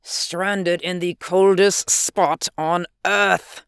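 A reader voicing a huge, excitable German scientist with a German accent and emphatic outbursts. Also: medium pitch, measured pace, no room sound, studio quality. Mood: shaken, brooding. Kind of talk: audiobook character voice.

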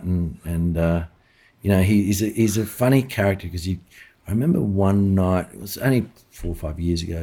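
A middle-aged Australian chef, a podcast guest telling long anecdotes in casual interview talk, with many restarts and fillers. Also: male voice, low voice, dark tone, husky.

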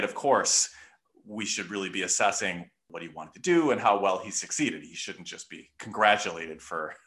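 A man talking through history in a lively, conversational way. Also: fairly low pitch. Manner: animated storyteller, mimics quoted figures.

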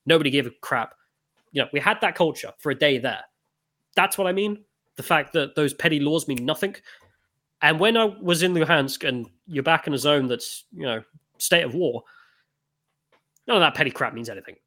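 A young man telling stories in a casual conversation, blunt and quick to swear. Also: fairly high pitch. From United Kingdom. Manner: animated storyteller, blunt and swearing.

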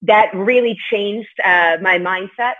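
A woman martial arts competitor speaks slowly in a mid-range voice as a guest on a podcast. The interview is casual, and she comes across as frank and chatty, swearing here and there. The recording sounds tinny, like a phone line.

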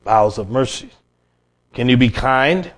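A middle-aged man preaching a sermon as a pastor, folksy, with sudden emphatic bursts and soft drop-offs. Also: mid-range voice, lively intonation, unhurried.

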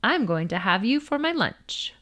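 A woman's voice: mid-range voice, very animated, normal speed, a bit bright. A woman voicing a boastful, hungry male carp in a storybook tale, with a gloating, taunting manner.

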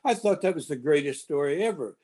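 Older man telling a halting anecdote. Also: on the high side, lively intonation, dark tone, husky. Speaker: panel guest reminiscing. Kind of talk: casual storytelling.

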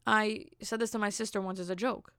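A woman hosts her own podcast, telling stories in a casual solo monologue with plenty of vocal fry. She speaks bluntly and candidly, with incredulous asides. The sound is dry and close. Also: mid-range voice, steady tone, brisk, fairly bright tone, no room sound. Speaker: podcast host.

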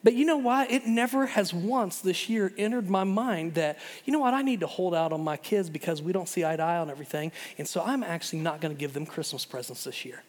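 A middle-aged man preaching a sermon in an animated way, often repeating words and restarting. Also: sits high, a little fast, few pauses. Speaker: pastor. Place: church hall. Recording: long hall reverb.

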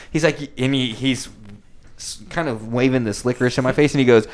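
A man's voice: mid-range voice, fast talker. A young man in casual podcast chat, telling a story animatedly, acting out quotes and swearing a lot.

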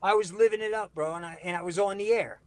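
A man with a high-pitched voice spins profane, animated stories in casual chat. He is a former radio DJ hosting the talk, speaking from inside his car. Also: quick pace, a crowd in the background. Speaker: podcast host, former radio DJ.

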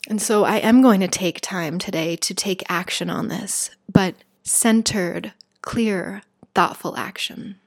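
A woman's voice: mid-range voice, slow, few pauses. Woman, spiritual speaker, heartfelt and emphatic, reflective talk. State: shaken.

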